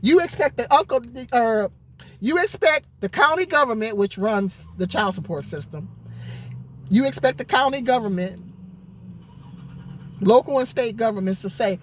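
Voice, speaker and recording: A woman's voice: fairly high pitch, lively intonation, normal speed, long pauses, a little hiss or hum. A woman vlogging from her parked car, answering viewer comments in an indignant, sarcastic rant, often stammering and repeating words. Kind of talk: ranting commentary vlog. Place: parked car in a parking lot.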